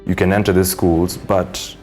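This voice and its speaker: Deep-voiced young man telling stories. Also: normal speed, soft background music. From East Africa. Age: young adult. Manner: animated storytelling with acted-out voices. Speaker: guest. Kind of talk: casual interview chat.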